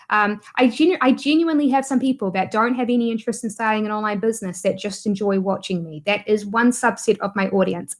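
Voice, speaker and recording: A woman from New Zealand with a New Zealand accent, chatting as a guest in an interview, with many fillers and frequent laughs. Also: mid-range voice. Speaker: guest, YouTuber. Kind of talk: casual interview chat.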